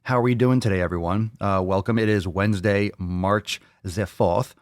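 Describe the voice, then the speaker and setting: A man hosting a casual livestream podcast, joking and swearing loudly with hype-style bravado. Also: on the low side, steady tone, normal speed, dry recording, clean studio sound. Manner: brash, joking, profane hype talk. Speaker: podcast host.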